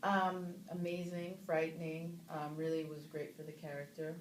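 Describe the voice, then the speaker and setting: A lively, low-voiced woman in her thirties chats at a press junket, spinning anecdotes with lots of fillers and sudden high squeals of mock surprise. The room is echoey, with faint noise behind her. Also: normal speed. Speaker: actress interviewed about a film. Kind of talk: casual press junket interview.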